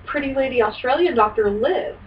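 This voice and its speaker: A woman's voice: sits high, lively intonation, fairly quick. A woman in casual podcast chat, reading trivia with dry, wry remarks. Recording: distant, dull lo-fi mic, faint hiss.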